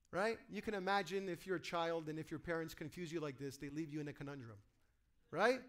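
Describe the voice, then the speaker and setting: A man preaching a sermon to a congregation, animated, acting out quoted voices and asking his listeners questions. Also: a little high, a little fast. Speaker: pastor.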